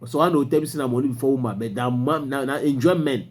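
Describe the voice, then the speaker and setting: A man's voice: medium pitch, fast. A man speaking with a Cameroonian Pidgin accent, giving opinionated, mocking news commentary with emphatic exclamations.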